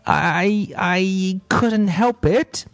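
A man's voice: sits high, very slow, a bit bright, dry recording, pitched above the performer's own voice, full character voice. A man voicing an anxious, hesitant schoolboy in a storybook reading. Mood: torn. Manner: pleading, hesitant. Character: anxious schoolboy tempted and torn.

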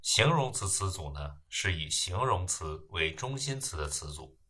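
Man, grammar lecture, bright husky tone, measured delivery. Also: sits low, very animated. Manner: measured, explains terms then reads examples. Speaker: English grammar teacher. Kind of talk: slow lecture narration with read example sentences.

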